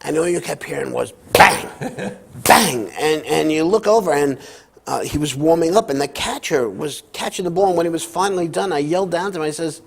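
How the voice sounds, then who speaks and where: A man co-hosting a sports talk show in casual chat. He tells stories with a lot of energy, reads quotes aloud and often pauses with "uh". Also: a little high, creaky, a little hiss or hum.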